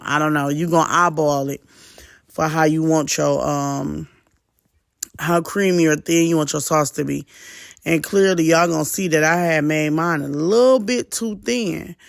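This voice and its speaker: A woman gives a relaxed cook-along narration in a deeply gravelly voice full of vocal fry. She chats with her viewers in an easy, informal way, with the odd curse word, and the recording is dry and close with no room sound. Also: normal speed, dry recording. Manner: chatty, talks straight to viewers, loose and informal with mild cursing. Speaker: home cook vlogger.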